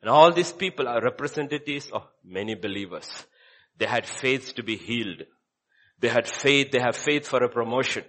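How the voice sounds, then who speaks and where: A man preaching a sermon as a pastor, repeating short phrases and swinging between hushed and loud delivery. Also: mid-range voice, lively intonation, moderate pace.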